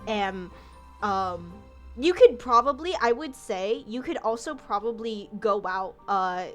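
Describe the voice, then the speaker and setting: A woman's voice: medium pitch, expressive, a little slow, fairly bright tone, soft background music. A woman narrating a tabletop game as game master, casual and rambling. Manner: casual, many fillers and restarts.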